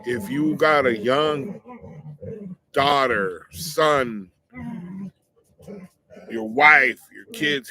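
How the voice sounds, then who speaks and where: Middle-aged man, show host, casual storytelling, blunt slangy talk, mid-pitched voice. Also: a little slow, pauses often, bright, forceful tone. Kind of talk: casual first-person storytelling and warning.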